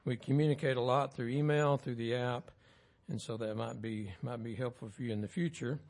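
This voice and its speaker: A man giving church announcements in a relaxed, folksy way. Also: medium pitch, brisk. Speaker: pastor.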